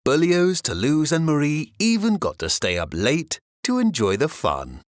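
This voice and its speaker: A man reading a children's storybook aloud in an expressive bedtime-story manner. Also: a little high, measured pace, no echo, studio quality. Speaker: storybook reader.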